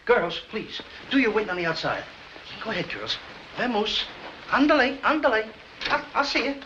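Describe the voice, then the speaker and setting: An actor playing a flustered, bumbling short chubby man who whines and stammers excitably, in 1940s film comedy style. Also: high voice, normal speed, background noise. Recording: lo-fi old film soundtrack.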